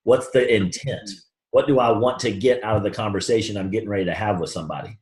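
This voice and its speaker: Animated man coaching in an echoey room. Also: lowish voice, fast talker. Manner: animated storytelling, acts out both sides of conversations. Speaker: sales trainer. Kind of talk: motivational training talk. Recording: roomy echo.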